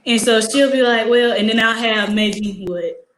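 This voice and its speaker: A teenage girl and high school student, telling a story in casual chat, acting out the dialogue with lots of fillers. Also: measured pace, roomy sound, slight background noise, low-quality recording. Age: teens. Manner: animated, acts out quoted dialogue, many "like" fillers.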